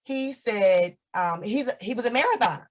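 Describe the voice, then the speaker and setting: A woman's voice: a little high, animated, normal speed, poor audio. A woman in her fifties, a guest on an interview show, telling her story in a chatty way and laughing often. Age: 50s.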